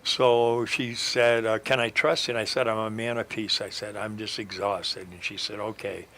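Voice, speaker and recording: A middle-aged man spins a long, wandering story for a radio interview. His voice is bright and pressing, and he stops often to hunt for words with "uh" and restarts. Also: on the low side, level tone, moderate pace, a little hiss or hum. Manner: meandering, hesitant, frequent fillers and restarts. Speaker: radio guest telling a life story. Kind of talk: rambling storytelling.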